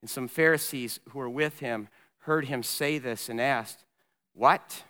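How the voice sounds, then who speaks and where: A man's voice: mid-range voice, normal speed, smooth. Pastor man preaching in a reverberant hall. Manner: animated storytelling, voicing characters in dramatic retelling. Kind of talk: sermon. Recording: long reverb in a large hall.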